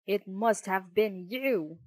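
A woman voicing an excitable, quick-tempered old male carpenter in a storybook reading, loud and exclaiming. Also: mid-range voice, no echo, lightly acted.

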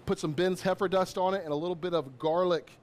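A man's voice: sits high, steady tone, quick pace. A man, a chef doing a live cooking demo in an upbeat, chatty way. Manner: upbeat, chatty, lots of shout-outs.

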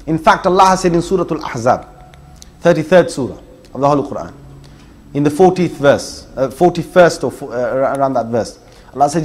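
A man's voice: fairly high pitch, expressive, fairly quick. A middle-aged man giving an emphatic Islamic lecture, listing points and challenging his listeners directly. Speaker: Islamic preacher. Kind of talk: religious lecture.

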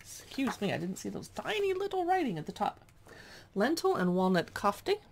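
A talkative woman leafs casually through a cookbook, reading out dish names and tossing in quick asides. Her voice has a gravelly edge and a sing-song quality, with pitch that wanders a lot. Faint noise lingers in the background.

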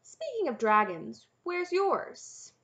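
A woman's voice: extremely high pitch, sing-song, slow, fairly bright tone, voice pushed up, heavily acted. A woman narrator voicing an earnest, naive young male knight who talks hesitantly and is easily let down. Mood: earnest, puzzled. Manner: hesitant, eager, easily crestfallen.

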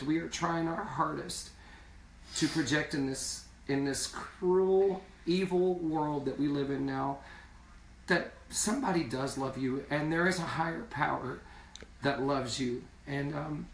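A man's voice: fairly high pitch, a little slow, a bit bright, slight background noise. A man singer in a casual live video chat, speaking earnestly and repeating words for emphasis. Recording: roomy sound from far off.

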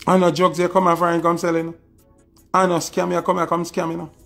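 A man's voice: a little high, completely flat delivery, brisk, gravelly, a bit bright, faint music behind. A man with a Jamaican accent delivering a scornful, taunting diss rant, repeating his insults. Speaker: social media personality. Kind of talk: ranting diss video.

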